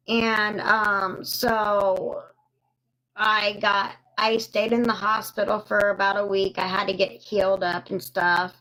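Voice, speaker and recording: Young woman livestreaming, bright voice, slow halting talk with lots of um, thanks chat as she goes. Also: mid-range voice, little pitch movement, poor audio. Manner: slow, halting, many ums, thanks viewers mid-story. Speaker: live streamer. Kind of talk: casual live-stream storytelling.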